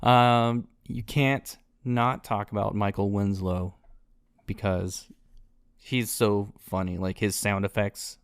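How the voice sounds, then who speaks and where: A man's voice: on the low side, takes it slowly, clear, resonant tone, dry recording. Dry-voiced, chatty male podcast co-host. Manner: relaxed, chatty, with frequent fillers like "like" and "um". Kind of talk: casual film chat.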